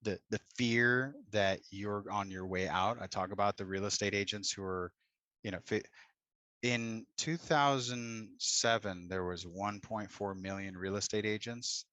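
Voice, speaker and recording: A man's voice: lowish voice, measured pace, pushed and bright, no room sound. A middle-aged man coaching real estate agents live over a video call, blunt and profane with pep-talk energy.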